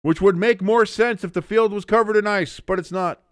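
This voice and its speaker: A man with a smooth, resonant voice calling the game and joking as he goes. He reads viewer comments aloud and rambles between plays. The sound is dry and close, with no room echo. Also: sits high, normal speed. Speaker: watch-along host. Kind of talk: casual play-by-play commentary and chat reading.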